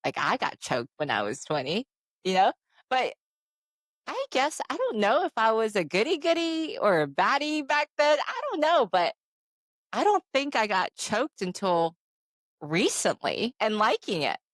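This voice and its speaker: A woman's voice: a little high, big pitch swings, unhurried, no room sound. A woman in her forties co-hosting a podcast, talking candidly and animatedly, telling stories with frequent "I'm like" asides. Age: 40s. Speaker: podcast co-host. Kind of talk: candid casual chat.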